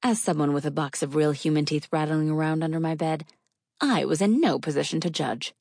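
A woman narrating a first-person novel in a measured, wry storytelling manner. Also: sits low, darkish tone, no echo, studio quality. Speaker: audiobook narrator.

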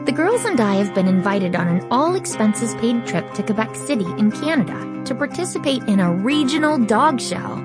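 A woman narrating an audiobook in first person, lively and expressive, shifting her voice for each character. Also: fairly high pitch, normal speed, hardly any pauses, music in the background.

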